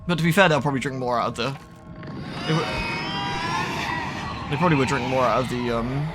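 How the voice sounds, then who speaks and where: A man's voice: mid-range voice, brisk, heavy background noise. A man giving casual, rambling commentary while gaming, often cooing baby-talk to his cat. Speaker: gaming streamer. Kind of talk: casual let's-play commentary.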